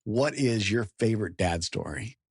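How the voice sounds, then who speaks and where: Male podcast host, lowish voice, chatty interviewer, close dry mic. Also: animated, normal speed, breathy edge, no echo. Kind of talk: casual interview.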